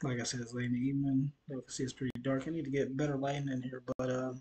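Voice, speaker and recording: A tired man hosting a reaction video, talking casually in a rambling, self-deprecating, halting way from a dim room at night. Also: medium pitch, level tone, darkish tone, husky.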